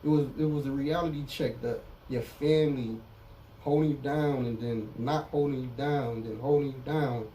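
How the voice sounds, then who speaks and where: A man's voice: mid-range voice, steady tone, moderate pace, mellow, distant mic, slight background noise, poor audio. A middle-aged man speaking candidly as an interview guest in street slang, often saying "you know what I'm saying". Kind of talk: casual interview about prison time.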